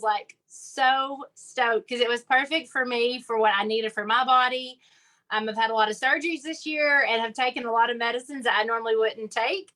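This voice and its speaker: Southern woman from Arkansas, bright and energetic, chatty guest speaker on a call. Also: on the high side. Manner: chatty, upbeat, uses y'all and like. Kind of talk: casual motivational talk.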